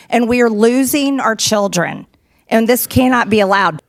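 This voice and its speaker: A woman's voice: fairly high pitch, expressive, moderate pace, vocal fry. A woman speaking formally at a congressional hearing, emphatic and insistent.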